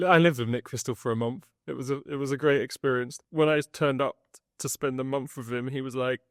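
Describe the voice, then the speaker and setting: A man, hosting a podcast where he reads his newsletter email aloud, lively, with jokey asides and frequent laughs. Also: mid-range voice, moderate pace, no echo, studio quality. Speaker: host.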